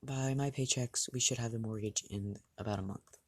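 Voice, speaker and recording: A man voicing a calm, determined teenage boy in a read-aloud fan story, speaking level and reassuring. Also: mid-range voice, normal speed, no room sound, lightly acted.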